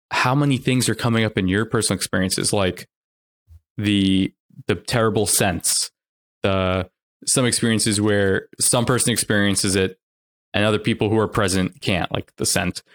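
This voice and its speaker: A man with a fairly low voice hosts a podcast and responds to a guest. He muses as he goes, pausing to search for the right words before asking his next question. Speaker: podcast host. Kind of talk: conversational interviewing.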